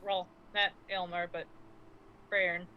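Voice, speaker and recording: A woman's voice: fairly low pitch, level tone, slow pace, muffled recording, slight background noise. A woman playing a tabletop game, speaking in a plain, matter-of-fact way for her character. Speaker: player.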